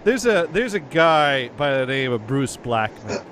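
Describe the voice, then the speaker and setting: A man's voice: mid-range voice, big pitch swings, a little slow, fairly bright tone, a little hiss or hum. A man hosting a casual radio show, chatting about old records with a rambling manner, often repeating words and chuckling.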